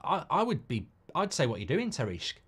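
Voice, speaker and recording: A man's voice: a little high, wildly swooping pitch, a bit bright, slightly rough. A middle-aged man hosting a live football watchalong, chatting casually and ranting with plenty of swearing. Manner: ranting, sweary, quick to flare up at players. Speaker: host.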